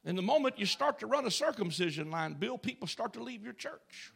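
A male pastor delivering an emphatic call-and-response sermon in a church, swinging from shouts to hushed tones. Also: sits high, lively intonation, a little fast, gravelly. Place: church sanctuary.

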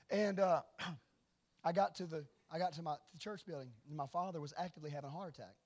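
A middle-aged man preaching a sermon and telling stories, swinging from hushed asides to loud declarations. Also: fairly high pitch, brisk. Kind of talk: sermon with storytelling.

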